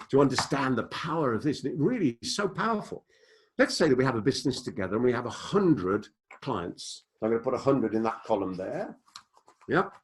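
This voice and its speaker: An older man giving a business lecture to an audience, telling stories and acting out the dialogue in them. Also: mid-range voice. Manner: storytelling, animated, acts out quoted dialogue. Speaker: business speaker.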